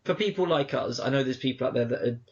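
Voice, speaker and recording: A man's voice: mid-range voice, very fast. A man co-hosting a podcast, chatting casually and reflectively, acting out quoted exchanges as he rambles. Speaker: podcast co-host. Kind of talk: casual chat. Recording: dull lo-fi podcast audio.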